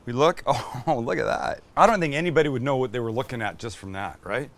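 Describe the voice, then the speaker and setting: A man's voice: medium pitch, fast talker. A middle-aged man hosting a cooking show in casual, enthusiastic chat, full of exclamations as he cooks.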